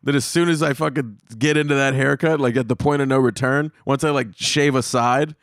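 A man's voice: medium pitch, fairly quick, hardly any pauses, no room sound, clean studio sound. A man hosting his own comedy podcast, telling rambling, profane stories in a casual monologue. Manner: profane, rambling, animated storytelling.

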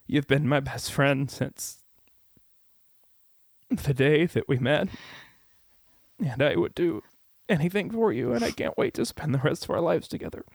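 Tender man with a halting message. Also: mid-range voice, creaky, no room sound, clean studio sound. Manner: tender, halting, with soft fillers. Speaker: guest, the bride's fiancé. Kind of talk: heartfelt recorded message.

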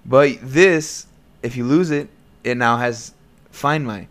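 A podcast host in his late twenties chats casually from home, rambling and laughing often. He speaks slowly in a mid-range, slightly bright voice, recorded on a desk USB mic.

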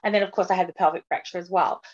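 A woman's voice: lowish voice, fairly even intonation, rapid-fire. A woman guest on a podcast, speaking openly and earnestly about her own hardships in a candid interview. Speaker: podcast guest, patient advocate. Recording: dull lo-fi audio.

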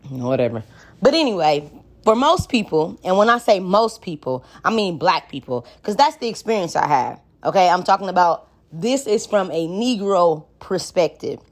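A woman hosting her own podcast, chatting frankly and joking with plenty of swearing. Her voice sits on the lower side. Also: sing-song, moderate pace. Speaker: podcast host. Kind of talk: casual solo podcast talk.

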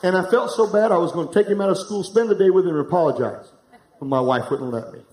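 A middle-aged pastor preaching live to a congregation, candid and humorous, telling a personal story and speaking to the room directly. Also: male voice, sits high, fast talker, darkish tone. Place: church hall, live before a congregation. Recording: echoey room.

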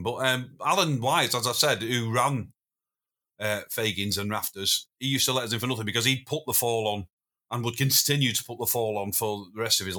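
Rambling, bright-voiced male storyteller. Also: medium pitch. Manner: rambling storyteller, self-interrupting, chuckling. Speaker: podcast guest, former drummer. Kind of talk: casual anecdotal chat.

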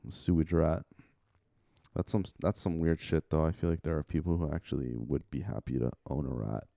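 A man's voice: rumbling low, steady tone, brisk, gravelly, warm tone, dry recording, studio quality. A young man chatting casually about animals, laid-back and slangy, often restarting his sentences. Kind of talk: casual chat.

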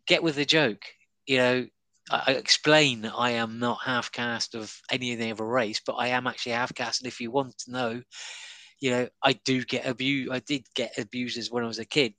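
A man's voice: mid-range voice, sharp tone, no room sound, low-quality recording. A man, a comedian chatting casually and telling stories with many fillers and restarts. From Devon and Cornwall, England. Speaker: stand-up comedian. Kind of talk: casual conversation.

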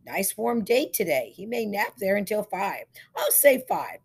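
A woman's voice: medium pitch, big pitch swings, a little slow, gravelly, slightly rough, voice pushed up, exaggerated voice. A woman reading aloud, voicing a sly, gossipy small-town barber who teases his customers. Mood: gossiping. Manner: gossipy, teasing.

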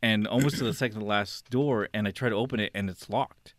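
A man on a podcast telling a long story in casual chat, rambling and animated, acting out what people said and laughing often. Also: fairly low pitch, brisk, dry recording. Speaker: podcast co-host.

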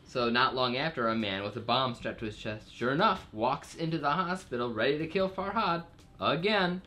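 A man's voice: mid-range voice, lively intonation, moderate pace, pushed and bright. A man casually recapping a TV episode's plot for a podcast, rambling with fillers and jokey asides. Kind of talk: casual chat.

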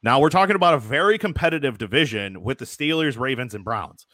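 A young man with a mid-pitched voice and a dry, close sound, talking football on a casual podcast. He argues bluntly and swears freely. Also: expressive, quick pace, bright, forceful tone, no room sound. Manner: blunt, profane, combative. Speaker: podcast co-host. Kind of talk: casual sports debate.

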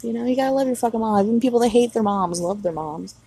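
A woman's voice: a little high, fast talker, dark tone, a little hiss or hum, rough recording. A woman in her thirties, a mother, talking outdoors at night in a blunt, heavily profane, rambling solo vlog monologue. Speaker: mother of young children.

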